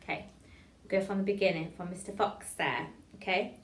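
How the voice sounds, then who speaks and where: Woman teaching voice warm-ups, roomy sound. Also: mid-range voice. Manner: encouraging, models phrases slowly and clearly. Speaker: voice and drama teacher. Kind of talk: online voice warm-up lesson.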